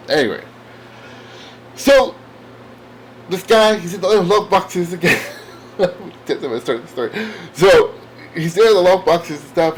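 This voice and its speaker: A man's voice: fairly high pitch, lively intonation, measured pace, long pauses, slight background noise. A man hosting his own comic book channel, chatting casually in a rambling, enthusiastic way with lots of fillers. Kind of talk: casual chat.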